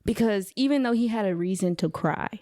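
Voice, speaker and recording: A woman's voice: medium pitch, a little fast, warm tone, no echo, studio quality. A woman speaking as a podcast guest and therapist, telling a story casually with many fillers and frequent laughter. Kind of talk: casual conversation.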